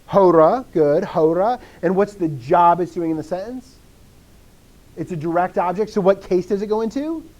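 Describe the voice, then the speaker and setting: Teaching a language lesson at a normal pace, this man has a high, somewhat mellow voice caught on a muffled recording. Enthusiastic and talkative, he cuts himself off and answers his own questions.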